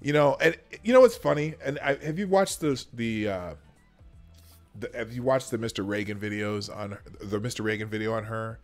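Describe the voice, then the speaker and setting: A man's voice: fairly low pitch, moderate pace, faint music behind. A man hosting a livestream, chatting casually and rambling with many restarts. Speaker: host.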